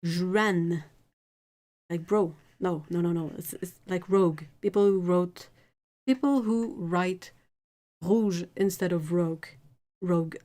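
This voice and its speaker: A woman hosts a relaxed livestream, talking in an unhurried, low-pitched way. She is chatty, laughs often and answers viewer comments as she goes. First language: French. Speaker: art livestream host. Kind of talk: casual livestream chat.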